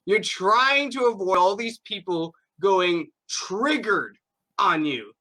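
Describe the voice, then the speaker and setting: A man's voice: high voice, animated, slow, sharp tone. A man hosting a podcast, ranting emphatically and swearing freely in a casual chat. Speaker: podcast host.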